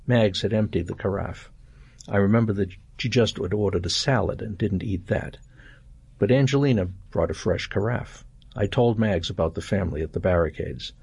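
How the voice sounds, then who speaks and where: An older man reading a first-person short story aloud in a calm, measured way. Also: on the low side, creaky, slightly rough, dry recording. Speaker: narrator.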